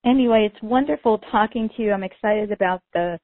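Here the same kind of podcast co-host, a middle-aged woman with a medium-pitched voice, talks a little fast in relaxed conversation. Her storytelling is chatty and peppered with "you know," and the dry recording sounds narrow, almost like a phone.

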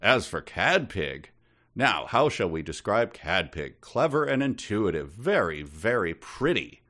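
A man reading aloud as a playful, all-knowing male voice, lower and softer than his usual talk. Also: very animated, measured pace. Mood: teasing. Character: playful omniscient male voice, teasing, bossy.

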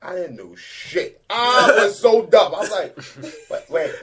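A man co-hosting a podcast, telling school stories in casual chat, laughing often and loudly acting out what others said. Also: high-pitched, normal speed, crowd noise. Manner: animated, laughs often, acts out quotes loudly. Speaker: podcast co-host.

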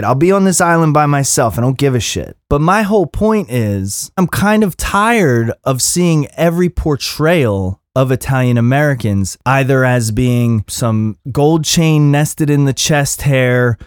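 A man in his thirties with a somewhat high voice delivers a heated, profane rant. His pitch leaps and swoops with emphasis, and the recording is close and dry with no room sound. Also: dry recording. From Philadelphia area. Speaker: podcast host. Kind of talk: impassioned monologue.

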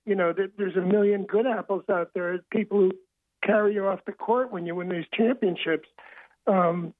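A man's voice: high voice, steady tone, normal speed, no echo. An older man tells a winding story over a thin, tinny phone line. He restarts his phrases again and again as he goes. The sound is dry, with no room around it. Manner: rambling anecdotal storyteller, frequent restarts. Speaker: author and interview guest. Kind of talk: phone-in radio interview storytelling. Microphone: telephone.

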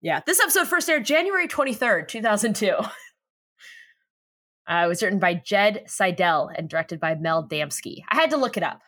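Podcast co-host lady, bright voice, bouncy pitch, teasing and jokey. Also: very animated, normal speed. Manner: playful, teasing, laughs often. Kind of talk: casual chat.

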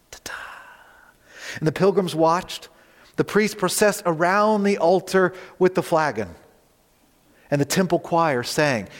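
A male pastor preaching a sermon, animated, rising loud on quoted words and turning to the congregation with conversational asides. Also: a little high, big-room sound.

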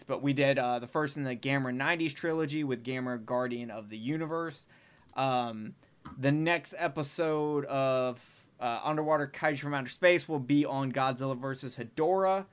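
A man's voice: mid-range voice, fairly bright tone, clean tone. A man hosting a podcast in casual chat, loose and profane with lots of filler words. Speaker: podcast host.

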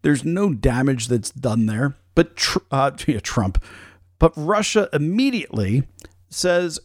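A man's voice: mid-range voice, big pitch swings, slow, dry recording. Chatty man, dry close sound. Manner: casual, chatty, with fillers. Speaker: podcast host. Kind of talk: commentary.

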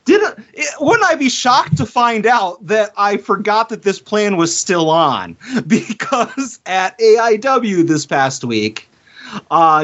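A man co-hosting a podcast in loose, casual chat. He tells rambling stories and slips laughs in between his points. His voice sits a little high, and the audio is dull and lo-fi. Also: a bit bright. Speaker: podcast co-host.

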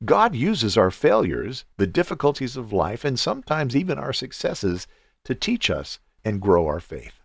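A man's voice: mid-range voice, wildly swooping pitch, normal speed, creaky, breathy edge, no echo, clean studio sound. A man hosting a devotional podcast, who speaks in an earnest, encouraging, pastoral way. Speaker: podcast host.

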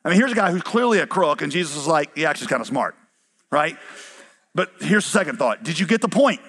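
A middle-aged man preaching a sermon to his congregation, lively, with acted-out quotes and rhetorical questions. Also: a little high, fast. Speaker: pastor.

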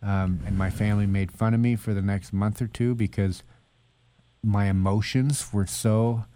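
A man with a low, mellow voice speaks as a guest author. He tells personal stories earnestly and slips into the voices of people he quotes. The sound is close and dry. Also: steady tone, normal speed, dry recording. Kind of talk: conversational interview.

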